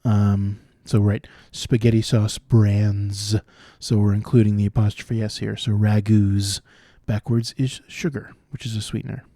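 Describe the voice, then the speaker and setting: Guy working thru crossword clues out loud, lowish mellow voice, explains as he goes, very dry sound. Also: level tone, unhurried, no room sound. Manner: thinking aloud, explaining clues. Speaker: puzzle solver. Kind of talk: solving crosswords aloud.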